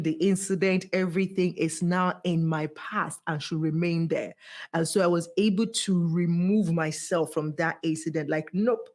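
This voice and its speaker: A woman guest on a podcast, speaking as a voice coach in an animated, emphatic way, swooping high to stress her points. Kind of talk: motivational podcast conversation.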